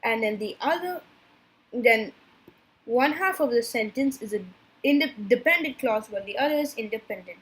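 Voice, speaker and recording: A woman giving a class presentation from slides, halting and stumbling over technical terms. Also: a little high, lively intonation, breathy edge. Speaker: student presenter.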